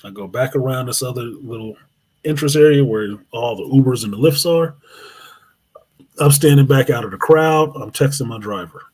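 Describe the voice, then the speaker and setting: A man hosting a live show, telling a long, profane story in an animated way. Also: medium pitch, normal speed. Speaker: host.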